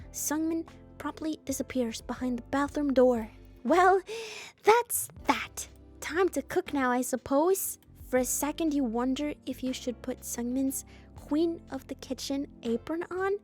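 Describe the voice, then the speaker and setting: A woman streamer reading a story game aloud and breaking off into playful, joking asides. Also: sits high. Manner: playful, jokey, animated asides.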